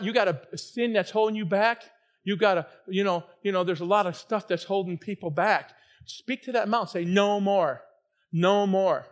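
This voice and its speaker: Guy preaching a sermon, pretty high voice, gets fired up and loud then drops back quiet. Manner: fervent preaching, swings from quiet to shouting. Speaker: pastor.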